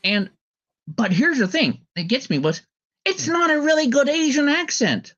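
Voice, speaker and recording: A man's voice: very high-pitched, expressive, moderate pace, sharp tone. Male podcast host, rambling casual commentary, restarts often, slightly dull lo-fi recording. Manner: rambling, full of ums and restarts.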